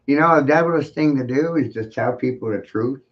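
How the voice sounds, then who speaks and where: A man lecturing an unseen livestream audience in a mocking, sing-song way, circling back to the same phrases and firing off rhetorical questions. His voice sits in a middle pitch, and the stream audio is muffled and lo-fi. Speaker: livestream host. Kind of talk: taunting livestream monologue.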